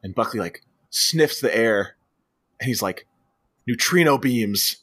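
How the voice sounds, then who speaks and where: Animated man retelling a movie. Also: lowish voice, measured pace, breathy edge. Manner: animated retelling of scenes, jumping into quoted voices. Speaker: podcast co-host. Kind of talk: casual movie review chat.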